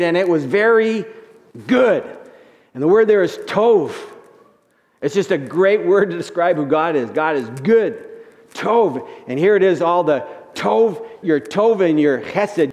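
A man preaching a sermon in a church sanctuary, his voice sitting a touch higher than most men's. His reading swells loud and lifts when the verses build, then falls soft and low for asides. A long reverb from the hall trails after his words. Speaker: pastor.

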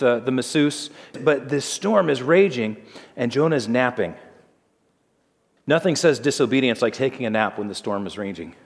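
A male pastor preaches a sermon in a conversational, storytelling manner. He lets his voice drop for dramatic moments, and a long reverb trails each line, as in a large hall. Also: fairly high pitch.

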